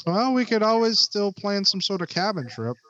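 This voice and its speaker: An easygoing man tosses out ideas in casual podcast chat. His voice is bright and forward, and the audio is dry and a little dull and lo-fi. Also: high-pitched, very animated, normal speed, dry recording. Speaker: podcast co-host.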